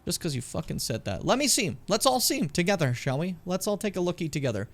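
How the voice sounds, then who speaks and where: A man's voice: sits high, sing-song, fast talker. A young man casually commenting on a game as he plays it, chatting with viewers and swearing often. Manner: chatty, swears a lot, talks to chat. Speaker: streamer.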